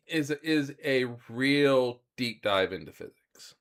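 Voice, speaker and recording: A man of ordinary pitch co-hosting a relaxed chat show. He explains physics in a halting way, full of pauses and restarts. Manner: halting, lots of ums and restarts. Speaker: podcast co-host explaining science. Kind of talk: casual chat.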